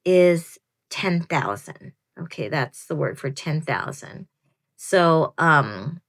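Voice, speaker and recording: A woman's voice: low-pitched, a bit bright. A woman in her fifties giving casual, chatty advice to newcomers, rambling a little and laughing at herself. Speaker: veteran program participant giving advice. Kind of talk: casual advice talk to camera.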